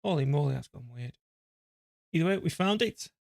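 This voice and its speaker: A man's voice: fairly high pitch, animated, a little fast, vocal fry, darkish tone, dry recording, studio quality. A man streaming a strategy game live, chatting away casually, poking fun at himself and talking back to his computer and the game as he plays. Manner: chatty, self-deprecating, talks to his PC and game while playing. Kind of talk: live gameplay commentary.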